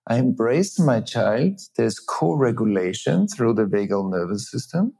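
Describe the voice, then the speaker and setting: A middle-aged man, a teacher and facilitator, explaining ideas earnestly in an interview with many pauses and restarts. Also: medium pitch, lively intonation, gravelly, warm tone, slightly rough. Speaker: teacher and trauma-healing facilitator, guest. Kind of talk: reflective interview talk.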